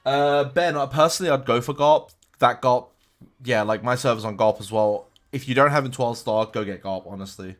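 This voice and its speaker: A young male streamer talks loosely from his room at home, answering viewer questions in a chatty way. He often restarts his words, and his voice sits at an ordinary middle pitch for a man. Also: normal speed, fairly bright tone. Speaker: game streamer. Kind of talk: casual live-stream chat.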